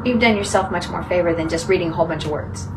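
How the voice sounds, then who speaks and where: A woman's voice: lowish voice, rapid-fire. Woman, Bible study teacher, earnest, lingers on words, distant mic, faint noise. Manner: earnest, dwells on single words. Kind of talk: conversational group teaching.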